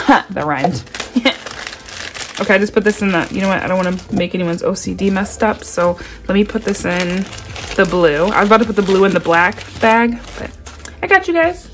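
A woman in her thirties chatting casually to viewers as she unboxes budgeting supplies, excitable and gushing, with quick asides. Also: mid-range voice, slight background noise. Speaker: budgeting vlogger.

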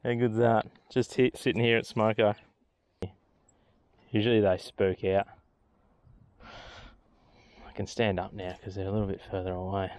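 A man's voice: fairly low pitch, little pitch movement, measured pace, pauses often, darkish tone. Sex: man. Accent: Australian. Style: chatty fishing commentary from a boat. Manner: chatty, talks to the fish, laughs a lot. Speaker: fishing vlogger. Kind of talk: casual running commentary. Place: on a boat outdoors.

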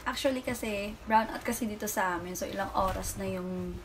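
A woman's voice: mid-range voice, fast talker, recorded from a distance. A mother with a Filipino accent, hosting a casual home vlog and switching between English and Filipino with giggles. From Philippines. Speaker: mother and vlogger. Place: home, during a power outage. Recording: noisy home recording.

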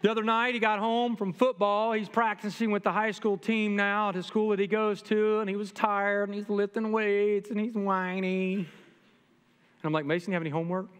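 High-voiced middle-aged man preaching a sermon. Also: moderate pace, smooth. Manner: lively, humorous, talks straight to the congregation. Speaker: pastor. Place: church sanctuary. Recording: long reverb from a church hall.

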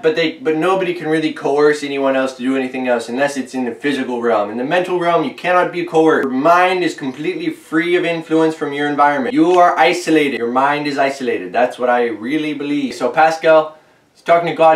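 A man's voice: fairly high pitch, a little fast. Joking man lecturing in an echoey room. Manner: deadpan, joking, acts out voices of people in his story. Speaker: host. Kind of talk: rambling comic lecture. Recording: echoey room, voice from far off the mic.

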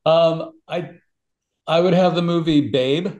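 A middle-aged man, a podcast guest, talking in casual interview chat with an emotional, animated storytelling manner. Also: a little high, measured pace, lo-fi sound.

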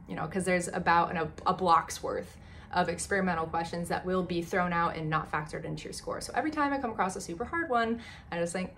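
A chatty young woman tells her story to the camera in an animated, casual way, full of fillers and asides. Her voice sits at an ordinary pitch, and a faint hiss of background noise runs under it. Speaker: medical student vlogger.

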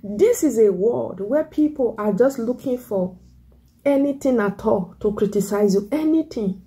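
Woman evangelist preaching, high and mellow. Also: a little slow. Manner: animated preaching, mimics critics in a raised voice. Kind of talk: sermon.

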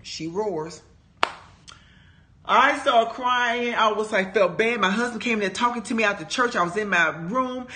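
A woman in her fifties giving an animated, emphatic personal testimony in a Bible study talk, talking straight to her listeners. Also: mid-range voice, measured pace, a little hiss or hum. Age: 50s. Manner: animated, emphatic storytelling, addressing listeners as "y'all".

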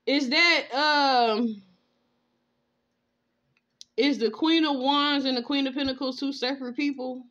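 A woman with a fairly high voice vents through a casual tarot reading, cursing freely and breaking into laughter as she rants in disbelief. The sound is dull and lo-fi, like a phone recording. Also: fairly even intonation, unhurried, long pauses, fairly bright tone. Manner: profane, laughing, incredulous ranting. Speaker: tarot reader. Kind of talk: casual spiritual reading vlog.

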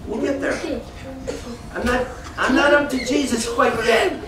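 A man with a strikingly high voice leads a children's Bible lesson, telling the story with animation and breaking off to keep the kids in line. He sounds far from the mic in a very echoey church classroom, with faint noise underneath. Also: fairly even intonation, a little slow.

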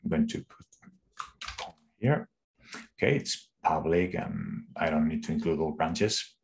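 A man, an engineer, walking through a live coding demo on a call, thinking aloud in an unhurried way with restarts. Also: very deep voice, expressive, gravelly, slight background noise. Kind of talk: screen-share coding walkthrough.

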